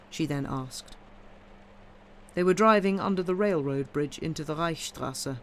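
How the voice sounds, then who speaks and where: A woman reading a classic short story aloud in a calm, measured audiobook narration. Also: sits low, slight background noise. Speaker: reader.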